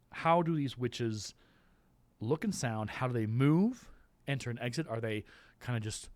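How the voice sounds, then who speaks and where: A man teaching a class, explaining the staging of a play in a loose, rambling way, with restarts and playful voices. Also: medium pitch.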